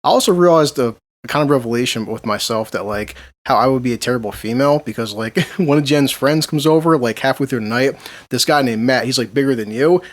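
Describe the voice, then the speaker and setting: A man's voice: medium pitch, a little fast. A man in his late thirties, a podcast host telling a rambling story in casual chat, laughing often. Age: 30s.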